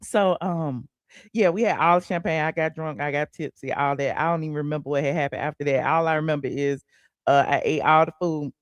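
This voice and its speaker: A man's voice: fairly high pitch, no room sound, clean studio sound. A man hosting a live gossip stream, chatting casually and sassily with viewers and calling them honey and child. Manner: sassy, animated, peppered with "honey" and "child". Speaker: host of a celebrity gossip livestream.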